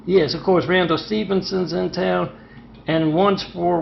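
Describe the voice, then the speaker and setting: A man rants in a rambling, repetitive home video monologue, pausing often to hesitate. His slightly high voice has a gravelly edge. The lo-fi recording is dull and roomy, with faint noise behind him. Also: steady tone.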